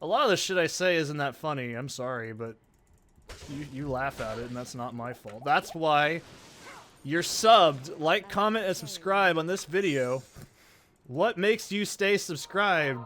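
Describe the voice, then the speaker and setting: A man's voice: a little high, lively intonation, normal speed, a bit bright. A man hosting a let's play, giving rambling, profane, self-deprecating gameplay commentary.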